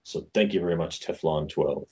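A man's voice: deep voice, moderate pace, a little mellow, slightly rough. A man co-hosting a podcast, reading a review in a dry, understated way. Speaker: podcast co-host. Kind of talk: casual podcast chat.

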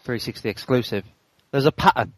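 A man's voice: medium pitch, a little fast, dry recording, poor audio. A man co-hosting a casual game podcast, talking chattily with jokey asides. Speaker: podcast co-host.

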